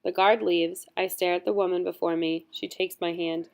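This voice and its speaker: A woman reading a first-person audiobook in scripted narration, measured and earnest. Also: lowish voice, little pitch movement, gravelly.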